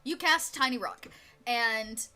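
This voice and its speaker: A woman's voice: on the high side, slow pace, background noise. A woman narrating as game master of a live-streamed tabletop game on an online voice call, loose and chatty with fillers.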